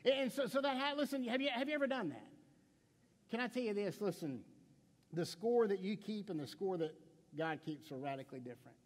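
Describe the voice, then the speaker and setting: A middle-aged pastor with a high-pitched, animated voice preaches briskly in a church sanctuary with a long reverb tail. His conversational sermon mixes stammered restarts, rhetorical questions and playful stories with acted quotes.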